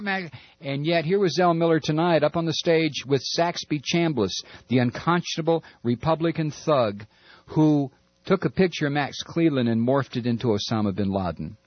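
Heated guy ranting on the radio, lots of stammering, kinda husky, voice jumps up and down, dry muffled sound. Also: fairly high pitch, expressive, moderate pace, no echo. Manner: impassioned, stammering, sarcastic. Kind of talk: political rant monologue. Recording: dull lo-fi recording.

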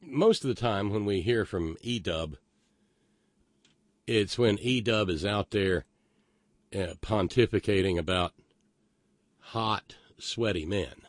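A man's voice: fairly low pitch, slow pace, long pauses, no echo. A man hosting a podcast, giving sardonic, profane political commentary that rambles with many restarts. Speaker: podcast host.

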